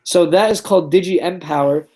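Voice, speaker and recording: Earnest young man, slightly high voice. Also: a little fast, darkish tone. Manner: earnest, enthusiastic, uses filler words like "like" and "um". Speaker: guest. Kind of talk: casual interview chat.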